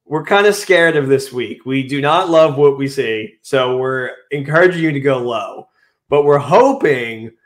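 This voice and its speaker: A man co-hosting a casual sports podcast, bantering quickly and joking. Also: mid-range voice, fairly bright tone. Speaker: podcast co-host.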